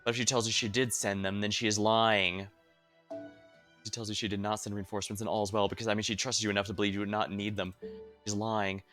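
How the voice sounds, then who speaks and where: A man's voice: on the low side, little pitch movement, quick pace, fairly bright tone. A man streaming a game and reading its story dialogue aloud, over faint game music.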